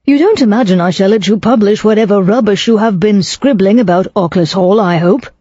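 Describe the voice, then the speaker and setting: A haughty, imperious older English lady speaks with cold scorn in a dry, close audiobook reading, as a woman puts her on. Her voice is mellow yet cutting. The sound is a little dull and lo-fi. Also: medium pitch, brisk, no echo, voice pushed up, close to an everyday voice. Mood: scornful.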